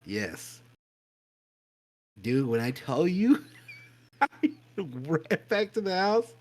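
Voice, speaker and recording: A man co-hosting a podcast, telling a spooky story in a casual, animated way, swearing freely and acting out voices and sounds. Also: on the high side, slow, long pauses, low-quality recording. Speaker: podcast co-host.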